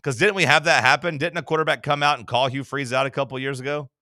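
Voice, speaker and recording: A sports talk co-host with a bright, forceful and crisp voice, recorded dry and close. He rambles along in animated, casual banter, slipping in mock quotes as he goes. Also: medium pitch, fast talker, no echo.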